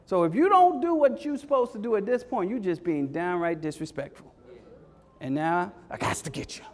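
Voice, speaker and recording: Very high-voiced man rallying parents. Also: animated, normal speed, a little mellow. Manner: call-and-response, repeats phrases, keeps asking "Hello?". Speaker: education speaker leading a parent workshop. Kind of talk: energetic motivational workshop talk.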